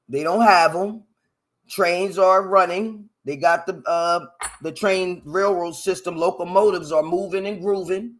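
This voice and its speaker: A man talks through a history topic on his own, wandering into tangents and correcting himself as he goes. His voice sits a little high, and he swings between low mutters and loud, lively bursts. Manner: rambling, self-correcting, joking asides; loud animated bursts, sound-effect "ding" noises. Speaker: podcast host. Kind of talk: unscripted solo history commentary. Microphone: headphones and desk mic.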